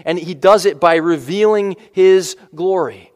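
A man's voice: high voice, measured pace, a little mellow. Man preaching in a reverberant hall. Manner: conversational preaching with asides and restarts. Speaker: pastor. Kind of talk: sermon.

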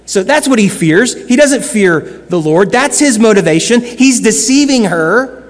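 High-voiced man preaching in a hall. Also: expressive, measured pace. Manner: earnest preaching, shifting between loud emphasis and hushed lines. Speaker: pastor. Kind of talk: sermon.

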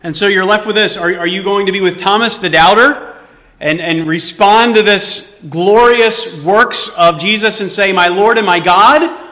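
A male pastor delivering a sermon in a church sanctuary. His voice is bright and sits a bit high for a man, and the long reverb of the hall trails after his words. He throws rhetorical questions at the congregation and swings between quiet asides and loud emphasis. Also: moderate pace.

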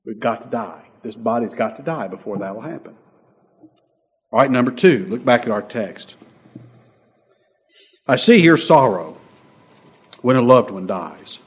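A man preaching a sermon as a pastor, swinging between loud emphatic lines and soft, quiet asides. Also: mid-range voice, animated, measured pace, pauses often, husky, long reverb tail.

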